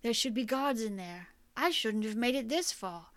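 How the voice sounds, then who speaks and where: Woman reading nervous hidden man's inner voice, quiet and anxious, dry sound. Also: a little high, expressive, moderate pace, no room sound. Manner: hushed, anxious inner thoughts. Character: tense young man hiding and thinking to himself.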